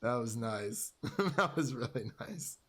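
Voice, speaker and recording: A man's voice: mid-range voice, lively intonation, slow pace, fairly bright tone, husky. A young man co-hosting a casual film review podcast, laughing often and animatedly retelling scenes. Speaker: podcast co-host.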